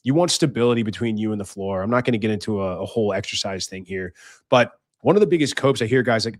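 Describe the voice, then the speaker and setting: A man's voice: lowish voice, fast, no room sound, studio quality. A young man hosting a podcast, giving life advice in a blunt casual monologue, swearing freely and acting out voices. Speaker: podcast host.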